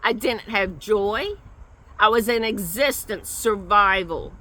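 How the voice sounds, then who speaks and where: Older woman telling her own story, slow and earnest, kinda bright voice, repeats herself a lot. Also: medium pitch, poor audio. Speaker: guest sharing her recovery story. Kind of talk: personal testimony.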